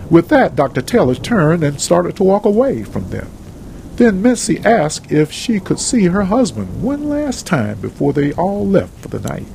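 A man's voice: on the high side, huge pitch swings, moderate pace, creaky, darkish tone, slight background noise, low-quality recording. A man reading a story aloud in a plain, earnest storybook narration.

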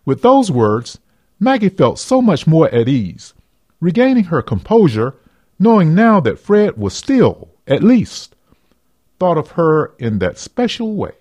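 A man narrating a radio drama in a slow, dramatic storytelling manner. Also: on the high side, big pitch swings, darkish tone.

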